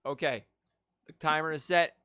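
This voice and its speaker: A man's voice: a little high, steady tone, moderate pace, bright, forceful tone, smooth, no room sound, studio quality. A man hosting a live improv comedy game over a video call, chatty and laughing often. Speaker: improv show host.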